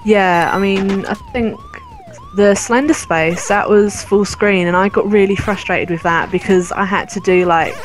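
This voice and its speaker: A woman's voice: medium pitch, a little slow, a little hiss or hum. Laid-back young Englishwoman. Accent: southern English. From England. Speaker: guest gamer. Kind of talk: casual chat. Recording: music underneath.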